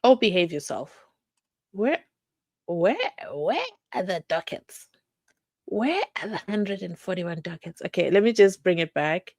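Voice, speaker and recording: Animated woman hosting a stream. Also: fairly low pitch, measured pace, long pauses, dry recording. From South Africa. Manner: animated, reading viewer comments aloud. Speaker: live-stream host. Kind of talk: casual live-stream chat.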